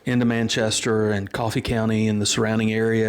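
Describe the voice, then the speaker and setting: Earnest pastor telling a story. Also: male voice, on the low side, little pitch movement, clean tone. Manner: earnest, unhurried storytelling with frequent restarts. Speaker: pastor and interview guest. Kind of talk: storytelling in a casual interview.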